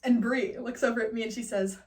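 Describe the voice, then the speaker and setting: Animated young woman telling a story. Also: fairly high pitch, a little fast, far from the mic. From Northern California. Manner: animated, laughing often, acting out quotes. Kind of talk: personal storytelling, class assignment.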